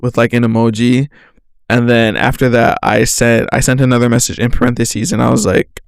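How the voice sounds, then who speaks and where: A man's voice: mid-range voice, steady tone, fairly quick, creaky, smooth, dry recording, clean studio sound. A young man casually telling a rambling story on his podcast, swearing, laughing and saying "like" a lot. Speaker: podcast host.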